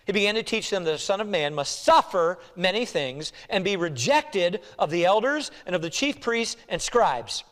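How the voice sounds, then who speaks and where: A man preaching an expository sermon as pastor, animated and acting out the voices of people he quotes. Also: high voice, moderate pace, few pauses. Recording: long hall reverb.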